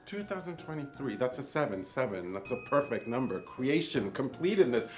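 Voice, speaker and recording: An actor playing a flamboyant, sarcastic male djinn spirit who speaks with theatrical, drawn-out emphasis in a film drama. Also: mid-range voice, sing-song, close to an everyday voice. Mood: grandiose. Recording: roomy echo with faint music.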